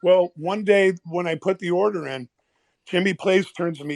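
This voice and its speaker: A man, a former pit trader, telling animated stories in casual chat and acting out the people in them. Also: sits high, normal speed, creaky, no echo. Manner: animated, swearing, acts out quoted people. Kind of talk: casual storytelling. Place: online audio room.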